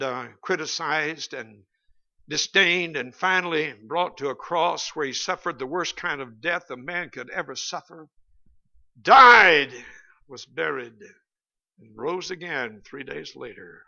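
A Baptist preacher delivering a sermon in a high, very bright voice, folksy and humorous, climbing to emphatic peaks. The lo-fi church recording sounds slightly dull. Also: male voice, animated, a little slow, gravelly.

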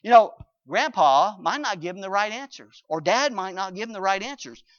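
Older preacher, dull lo-fi recording. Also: male voice, sits high, lively intonation. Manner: emphatic, with swings between loud and soft and slow drawn-out phrases. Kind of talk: sermon with scripture reading.

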